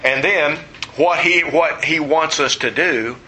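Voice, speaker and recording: A man's voice: a little high, slow pace, bright, forceful tone, a little hiss or hum, rough recording. A man preaching a sermon, emphatic, asking his listeners questions and answering them himself. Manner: emphatic, asks the audience questions.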